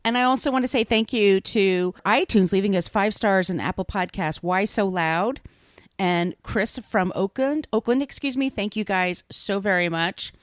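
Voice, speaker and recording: A woman's voice: medium pitch, moderate pace, no room sound, clean studio sound. A woman co-hosting a podcast in casual chat, laughing often and correcting herself. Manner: chatty, laughs often, fillers and self-corrections. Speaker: podcast co-host.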